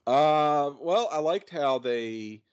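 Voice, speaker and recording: A man's voice: a little high, animated, slow pace, clear, resonant tone. A man co-hosting a podcast, chatting casually about a movie, rambling with playful asides. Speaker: podcast co-host. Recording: dull lo-fi audio.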